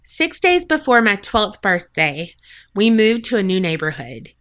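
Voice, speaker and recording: A woman's voice: medium pitch, sing-song, measured pace, a bit bright. A woman co-hosting a podcast, chatting agreeably and reading a listener's story aloud. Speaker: podcast co-host. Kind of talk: casual chat and reading listener stories aloud.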